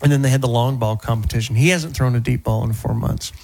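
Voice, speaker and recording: A man hosting a radio talk show, joking and telling stories in a casual, animated way from the studio. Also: medium pitch, fast talker, gravelly. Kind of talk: casual sports radio chat.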